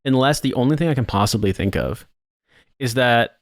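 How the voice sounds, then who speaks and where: A man's voice: medium pitch, lively intonation, brisk, no echo, clean studio sound. Rambling, profane podcast co-host, man. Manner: rambling, profane, lots of "like" fillers. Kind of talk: casual chat.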